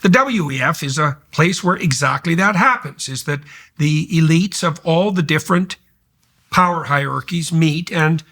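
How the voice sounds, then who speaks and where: A man hosting an interview podcast, arguing emphatically in long, forceful run-on sentences. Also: fairly high pitch, moderate pace. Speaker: podcast host. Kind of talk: conversational interview.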